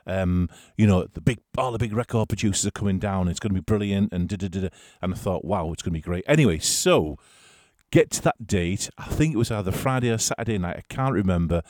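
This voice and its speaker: A man's voice: low-pitched, quick pace, a little mellow, no room sound, clean studio sound. A man telling a rambling, chuckling anecdote in a casual way. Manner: chatty, chuckling, rambling storyteller.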